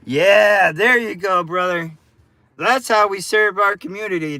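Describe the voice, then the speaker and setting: A man streams live and argues with his chat, cursing freely in a combative, ranting way. His voice sits a little high and comes across forceful and tense. The sound is close and dry. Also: unhurried, no room sound. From United States. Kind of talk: casual livestream chat with viewers.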